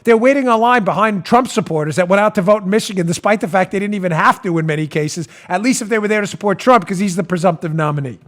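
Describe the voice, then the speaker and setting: A man's voice: high-pitched, fast talker, hardly any pauses. A middle-aged man hosting a political talk show, mocking his targets and laughing hard at his own jokes. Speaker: podcast host.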